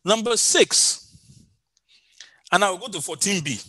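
A male preacher delivers a sermon in a bright, forceful voice, pitched a little high. He presses his points by repeating them, sometimes swelling into a sung cadence. The sound is close and dry. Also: animated, takes it slowly, pauses often, no room sound, poor audio. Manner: emphatic, repeats key phrases, sings out some lines.

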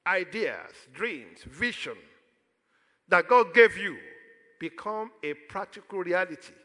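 A man's voice: high voice, expressive, slow pace, bright, forceful tone, big-room sound. A man with a Nigerian accent preaching a sermon as pastor, throwing questions out to the congregation for them to answer.

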